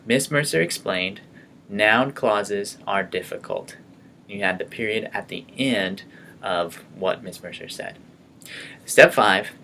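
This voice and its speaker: A man's voice: on the low side, fairly bright tone, a little hiss or hum. A man teaching a grammar lesson, explaining each step patiently, often checking in with "okay" and repeating himself. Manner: patient, explaining step by step, frequent okays and restarts.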